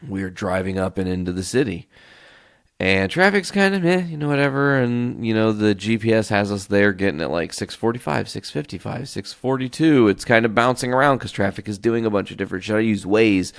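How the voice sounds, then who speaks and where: Deep, gravelly-voiced man ranting. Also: a little fast, no echo, studio quality. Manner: profane, ranting, animated storytelling. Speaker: podcast host. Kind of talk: solo podcast storytelling.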